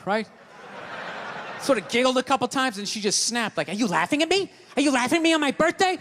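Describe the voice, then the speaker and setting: Recorded live in a theater hall with a crowd, this stand-up routine features a man ranting through a profane, brash story from a comedy stage. His voice is extremely high and a bit bright.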